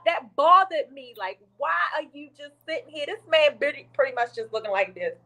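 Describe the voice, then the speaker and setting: A woman's voice: sits high, brisk, hardly any pauses, rough recording. A woman podcast co-host, casually retelling a video she saw and acting out what people said. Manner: chatty and animated storytelling, acts out quotes.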